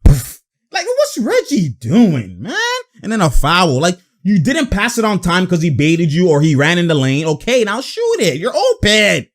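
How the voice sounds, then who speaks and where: A man talks through basketball footage in a loose, slangy commentary style. His voice sits high and swings widely as he reacts. He laughs often and calls out plays in quick bursts. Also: big pitch swings, a bit bright. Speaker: basketball video analyst. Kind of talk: casual game-breakdown commentary.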